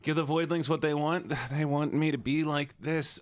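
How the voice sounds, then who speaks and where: A man's voice: on the high side, fairly even intonation, moderate pace, few pauses. A young adult man streaming live, rambling in a self-deprecating way to his chat.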